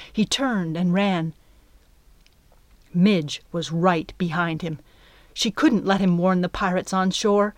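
A woman giving a scripted audiobook narration of a story, in an even, measured way. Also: medium pitch, dry recording.

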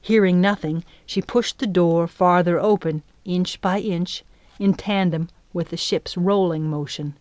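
A woman narrating an adventure storybook in a measured, expressive reading voice. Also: lowish voice, no echo. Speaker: audiobook narrator.

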